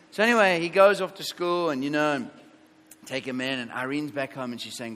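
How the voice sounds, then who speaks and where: A male pastor with a high, bright voice tells stories from the pulpit, acting out what each person said. His sermon rings with a long reverb through a large church hall. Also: a little fast. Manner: animated storytelling, acts out quotes.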